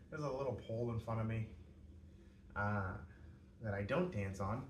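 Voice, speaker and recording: A young Canadian fitness vlogger films a casual home workout at night, chatting and joking to himself between exercises. His medium-pitched voice moves fairly quickly with long pauses. The roomy, distant mic picks up a faint background hum.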